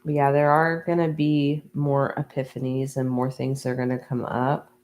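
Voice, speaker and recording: A woman giving a channeled tarot reading, talking slowly and meandering with many ums and restarts. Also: very deep voice, level tone, darkish tone, rough recording. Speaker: tarot reader. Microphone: USB microphone.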